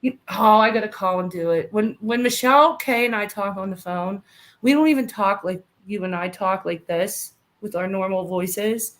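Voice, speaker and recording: Co-hosting a podcast, a woman in her thirties talks easily, reads out live comments, and shares short stories punctuated by frequent giggles. She speaks at a medium pitch with a somewhat bright tone.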